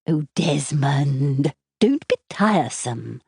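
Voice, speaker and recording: A cold, controlling glamorous woman from a storybook mystery, voiced by a female narrator. Her voice is low and mellow, silky but with a commanding edge. The recording is close and dry. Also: animated, slow, gravelly, slightly rough, dry recording, full character voice. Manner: silky, then sharp and commanding.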